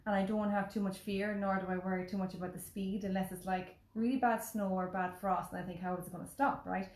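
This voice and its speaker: Fast-talking Irish woman in a roomy space. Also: mid-range voice. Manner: animated, chatty, peppered with swearing and "like". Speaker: podcast host. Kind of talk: casual storytelling chat. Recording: roomy echo.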